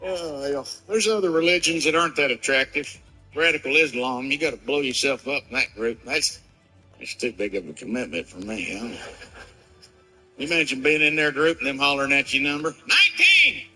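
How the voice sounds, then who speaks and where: A man doing an irreverent stand-up routine, riffing loosely and leaping into loud mock scenarios. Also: mid-range voice, fairly quick, soft background music, rough recording. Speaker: stand-up comedian.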